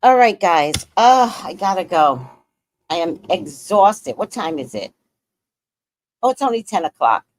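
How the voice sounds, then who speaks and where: Here a female livestream host with a New York accent gives casual commentary, chatty and profane, blunt and quick to laugh. Her voice is fairly low and very animated, a little slow, with a little hiss or hum underneath.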